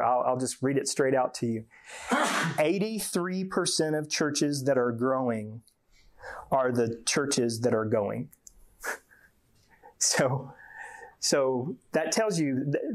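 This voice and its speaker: Folksy man giving a talk. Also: on the high side. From Georgia, USA. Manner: folksy, joking, repeats words often. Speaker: conference speaker. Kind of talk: live conference talk.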